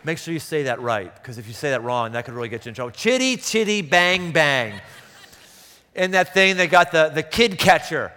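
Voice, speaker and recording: A man's voice: medium pitch, quick pace, hardly any pauses, sharp tone. Preaching man in a reverberant hall. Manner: preaching with sudden impassioned outbursts. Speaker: pastor. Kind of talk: sermon.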